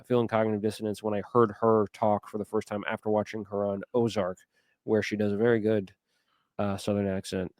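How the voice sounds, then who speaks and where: A man's voice: on the low side, no echo. A man co-hosting a podcast, chatting casually and wandering into asides while he searches for names. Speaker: podcast co-host. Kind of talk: casual chat.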